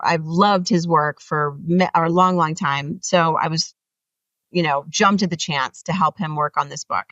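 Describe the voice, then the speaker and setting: A woman guest explains her ideas with earnest energy, her voice lifting sharply when she drives a point home. Her voice sits on the low side. The recording is dry but distant and slightly muffled. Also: dry recording. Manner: animated, earnest, rises in pitch when making a point. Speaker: author guest. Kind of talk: interview conversation.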